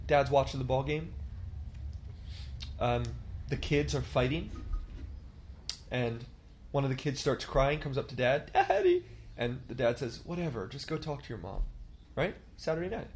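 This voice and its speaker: A man in his thirties teaches a church leadership class conversationally, asking the class questions and acting out quotes. His voice is on the high side, with slight background noise.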